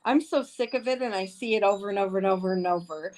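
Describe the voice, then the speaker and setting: A woman with a mid-range, slightly mellow voice talks fast through an angry livestream rant, swearing and repeating herself again and again. The audio is poor, with faint wind chimes behind her.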